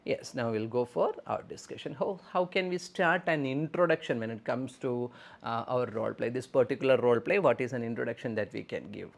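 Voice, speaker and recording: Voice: mid-range voice, brisk, creaky. A teacher leading a live online speaking lesson, explaining step by step and repeating phrases. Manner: instructive, repeats phrases, often says okay. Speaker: language exam teacher.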